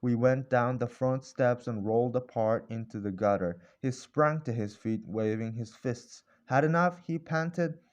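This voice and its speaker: A man narrating a classic novel as an audiobook in measured storytelling. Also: medium pitch, a little mellow, lo-fi sound. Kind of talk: scripted narration.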